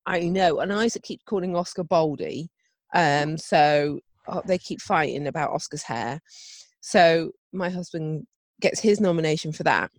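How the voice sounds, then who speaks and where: A woman's voice: low-pitched, unhurried, dry recording. A woman chatting casually, telling a family story with acted-out voices and laughter. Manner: animated storyteller, acts out voices, laughs often.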